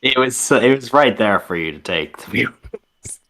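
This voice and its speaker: A man's voice: mid-range voice, lively intonation, moderate pace, fairly bright tone. Blunt young man in casual chat. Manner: blunt, swears and laughs. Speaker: podcast co-host.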